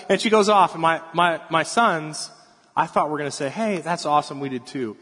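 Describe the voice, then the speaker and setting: A man in his thirties preaching a sermon as pastor, telling stories about his kids in an animated way. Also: a little high, a little fast. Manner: storytelling, animated, acts out crying kids. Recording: long hall reverb.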